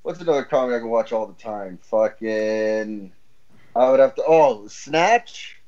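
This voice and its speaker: A man appearing as a podcast guest, chatting casually and easygoing, thinking out loud. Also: medium pitch, lively intonation, unhurried, lo-fi sound. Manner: laid-back, laughing, thinks aloud. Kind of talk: casual chat.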